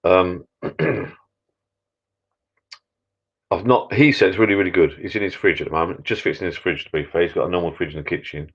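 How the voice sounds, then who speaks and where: Deep-voiced rambling man, lo-fi. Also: fairly quick, pauses often, slightly rough. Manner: rambling, chatty, self-interrupting, grumbling. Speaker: live-stream host. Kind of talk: casual chat with viewers. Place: backyard pub shed. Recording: dull lo-fi live stream audio.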